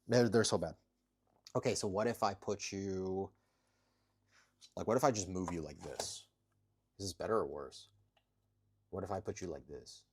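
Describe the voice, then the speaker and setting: Low-voiced man chatting on a home stream. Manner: chatty, talks to viewers and cats while working out. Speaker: livestreamer. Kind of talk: casual live-stream chat. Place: home, kitchen corner. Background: cats.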